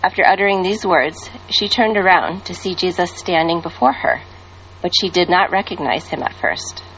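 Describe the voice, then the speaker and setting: A woman reading a Bible story as a calm, measured narrator. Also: fairly low pitch, slight background noise, rough recording.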